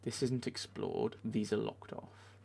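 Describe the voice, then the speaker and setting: A man's voice: on the low side, flat delivery, measured pace, gravelly, a little mellow, a little hiss or hum. A man giving let's play commentary, talking back to the game characters and getting easily exasperated. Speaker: video game player.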